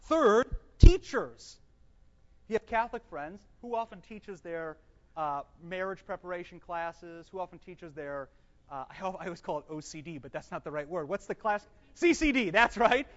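A Bible teacher giving a class to a live group, reading scripture aloud slowly, explaining it, and quizzing the room with questions he then answers himself. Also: mid-range voice, animated, a bit bright. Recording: dull, echoey hall recording.

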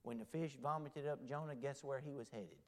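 A male pastor preaching a sermon to a church congregation, swinging dramatically between loud exclamations and hushed near-whispers. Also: medium pitch, fairly quick. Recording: long hall reverb.

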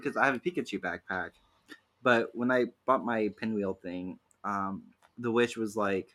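A man's voice: on the low side, moderate pace, fairly bright tone. Hesitant young man, casual chat. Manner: hesitant, many "um"s and restarts. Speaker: podcast co-host.

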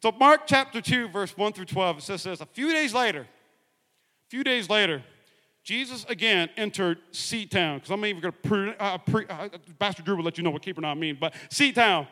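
A man preaching a lively sermon in a large church, joking and rallying the congregation. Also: sits high, fast talker, hardly any pauses, in a large hall. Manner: energetic, joking, rallying the crowd with call-and-response. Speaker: pastor.

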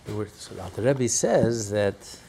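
A man teaching a class on a religious text, telling stories in an animated way and breaking into loud cries when he acts out quotes. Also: fairly low pitch, moderate pace, a little hiss or hum. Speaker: Torah teacher.

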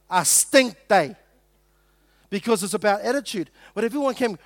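A middle-aged man preaches to his congregation in a high, light voice. He talks like he is chatting, jokes and acts out little quotes. The sound is close and dry. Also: lively intonation, brisk, no echo. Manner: conversational, joking with the congregation, acting out quotes. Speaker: pastor. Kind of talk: sermon.

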